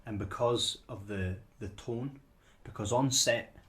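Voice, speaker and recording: Rich: A fairly low-pitched man co-hosting a relaxed film podcast. He talks in loose, rambling stretches, repeating words as he works his way to his point. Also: measured pace. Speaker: podcast co-host. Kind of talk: casual film discussion.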